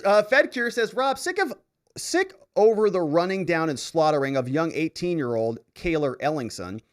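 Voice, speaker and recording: A man hosts a casual live stream, reading viewer comments aloud and reacting to them. His voice sits a little high for a man and swings widely in pitch. He laughs often and bursts into loud exclamations. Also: animated, moderate pace. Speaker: livestream host reading viewer chats.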